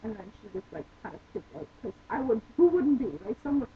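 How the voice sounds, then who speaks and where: A young woman chats through her own mishaps, rambling and restarting with plenty of "like." Her voice sits a little on the high side. The sound is narrow and tinny, like a phone line, with a light hiss underneath. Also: big pitch swings, brisk. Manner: chatty and rambling, lots of "like" and restarts. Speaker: vlogger. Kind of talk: casual storytelling vlog.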